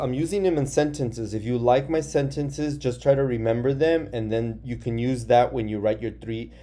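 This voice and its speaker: Patient male teacher spelling words slowly. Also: medium pitch, warm tone. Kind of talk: online phonics lesson for young children. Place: office.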